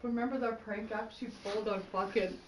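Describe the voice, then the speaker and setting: A woman with a slightly raised pitch cuts into a casual chat with brief asides. She reminisces and laughs as she jumps in. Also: fairly even intonation, brisk, low-quality recording.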